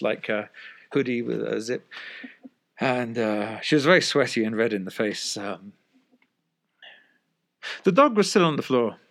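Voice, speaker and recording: A man telling a funny personal anecdote in a wry, deadpan way, chuckling and swearing casually. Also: medium pitch. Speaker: storyteller.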